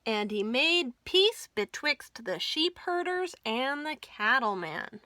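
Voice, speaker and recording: A woman librarian reading a Western picture book aloud at storytime, with expressive, folksy storytelling. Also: high-pitched, slow. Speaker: children's librarian.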